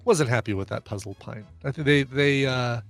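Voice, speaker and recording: A man's voice: medium pitch, moderate pace, fairly bright tone, soft background music. A man co-hosting a podcast, laid-back and joking, often trailing off with fillers. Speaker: podcast co-host. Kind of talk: casual chat.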